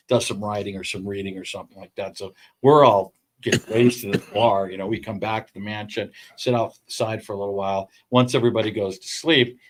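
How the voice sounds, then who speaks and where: A man as a podcast guest, chatting casually and telling animated stories. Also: lowish voice. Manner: animated, chatty storyteller with restarts. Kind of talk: casual chat, storytelling.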